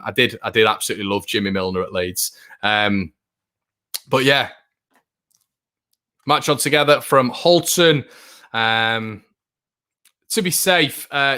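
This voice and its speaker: A young man hosting a live football watchalong stream, chatting casually and reading out viewer comments with lots of fillers and restarts. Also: medium pitch. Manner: chatty, filler-heavy, frequent restarts, excitable fan.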